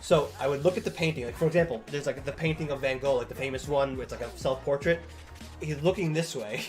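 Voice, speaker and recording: A young man casually telling a long story on stream, rambling and swearing a lot, acting out the lines of the people in it. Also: on the high side.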